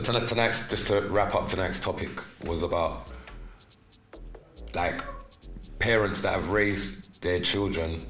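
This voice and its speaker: A fairly low-voiced man, hosting a live podcast and teasing his callers. He sounds animated and laughs easily. His voice rings in an echoey room, with faint music underneath. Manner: animated, teasing, laughs often, drops into patois. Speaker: podcast host.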